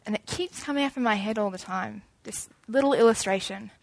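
A young woman gives an informal sermon, chatty and animated, acting out little scenes as she goes. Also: mid-range voice, a little fast, creaky, dry recording.

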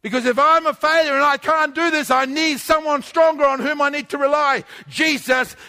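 A male preacher delivering an emphatic sermon, repeating phrases and often shouting. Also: extremely high pitch, steady tone, moderate pace, hardly any pauses.

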